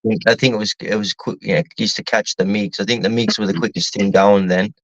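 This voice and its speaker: A man's voice: fairly low pitch, fairly even intonation, quick pace, dry recording. A middle-aged Australian man chatting casually, rambling and swearing as he thinks aloud. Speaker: podcast co-host. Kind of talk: casual chat. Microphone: online call mic. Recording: dull lo-fi dry sound.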